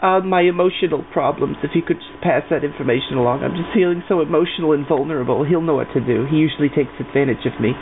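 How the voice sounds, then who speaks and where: A man's voice: fairly high pitch, quick pace, hardly any pauses, natural voice. Man doing a fussy lonely old woman. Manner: dramatic, fussy, oversharing. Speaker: prank caller. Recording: tinny phone line, faint hiss.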